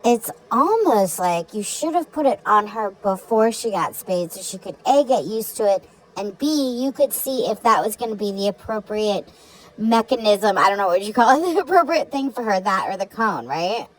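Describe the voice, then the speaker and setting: A woman's voice: medium pitch, animated, normal speed, low-quality recording. A woman hosting reaction commentary, blunt and sarcastic in her remarks. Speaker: commentary host.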